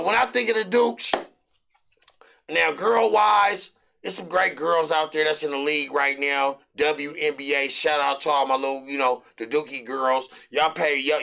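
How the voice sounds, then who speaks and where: Middle-aged American man, betting-show host: raspy, forceful tone, loose rambling hype delivery. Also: a little high. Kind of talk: casual sports picks monologue.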